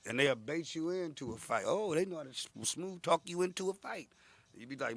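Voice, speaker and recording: A man in his thirties, a guest comedian telling animated, profane stories in a casual interview and acting out the people in them. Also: on the high side, fairly quick, no echo. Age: 30s. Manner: animated, profane storytelling with acted-out quotes.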